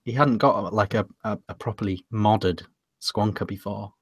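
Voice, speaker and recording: A man's voice: on the low side, moderate pace. A man co-hosting a casual chat show, asking curious questions. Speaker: co-host.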